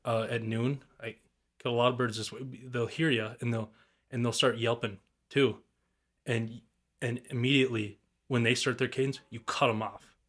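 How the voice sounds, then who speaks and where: A young man chats casually on a podcast, rambling through stories in a relaxed, easygoing way. He speaks at an ordinary middle pitch and keeps things loose and informal, with the odd curse word. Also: normal speed. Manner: rambling, laid-back storytelling with swearing and mimicked turkey calls. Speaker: guest turkey hunter.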